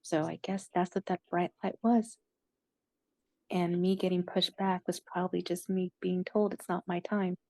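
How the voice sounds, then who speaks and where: A woman telling a personal story in a halting way, with many "like" fillers and moments where she loses her words. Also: lowish voice, fairly even intonation, warm tone, dry recording. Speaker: interviewee recounting a near-death experience.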